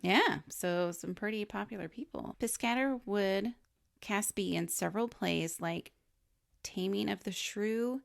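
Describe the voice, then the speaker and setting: Her mid-range, gravelly voice is unhurried, recorded in studio quality with no room sound. She co-hosts a film podcast, reading notes about a celebrity's life in a casual, chatty way and laughing a lot.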